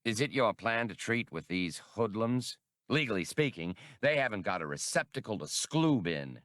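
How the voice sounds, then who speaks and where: A man's voice: on the low side, expressive, moderate pace, a bit bright, dry recording, clean studio sound. A man voicing a prim, dignified male alien who is easily outraged. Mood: indignant. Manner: prim, indignant.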